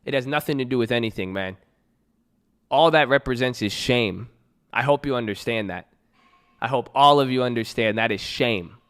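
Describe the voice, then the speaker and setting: A man's voice: medium pitch, moderate pace, clean tone. A man hosting a trading group, reading a parable aloud and then riffing on it in a loose, slangy motivational talk. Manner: reads a parable then riffs on it with slang and loud jokes.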